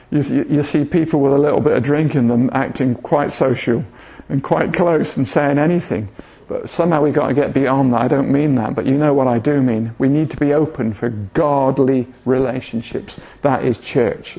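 A man's voice: medium pitch, creaky, darkish tone. A man preaching an informal sermon in a church, chatty and jokey, often asking the congregation questions. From southern England. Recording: dull lo-fi church recording.

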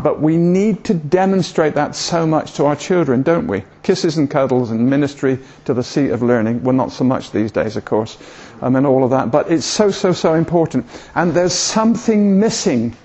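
An older man preaching informally sounds a little high and a little mellow. He rambles and hesitates, poking fun at himself, and the lo-fi recording is dull.

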